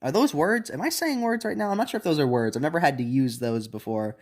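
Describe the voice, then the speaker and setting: A man's voice: a little high, lively intonation, quick pace, darkish tone. A young man giving a casual, unscripted anime review, rambling with many restarts and fillers.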